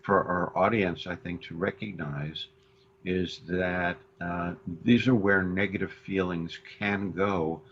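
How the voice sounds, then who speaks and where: A male co-host on a counseling radio show, speaking haltingly with many restarts. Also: low-pitched, fairly even intonation. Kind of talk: radio talk show discussion. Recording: dull lo-fi radio audio with faint hiss.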